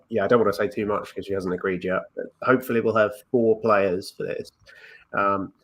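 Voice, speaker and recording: A man chatting as a podcast guest, hesitant with many ums, laughing easily. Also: fairly low pitch. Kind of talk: casual chat.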